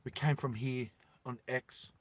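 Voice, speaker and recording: A man's voice: mid-range voice, steady tone, unhurried, background noise, natural voice. A man doing a protective, defiant mother. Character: frightened, protective forest mother.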